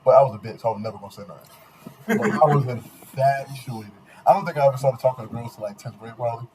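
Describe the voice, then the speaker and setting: A man's voice: mid-range voice, racing, noisy background. A young man hosting a podcast, telling loose, profane stories in casual chat. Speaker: podcast host.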